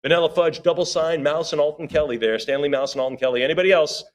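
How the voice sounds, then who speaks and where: A man working as auctioneer at a live sale, rattling off rising bids in a rhythmic chant and breaking off for chatty asides. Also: a little high. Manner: rapid rhythmic bid calling with chatty asides.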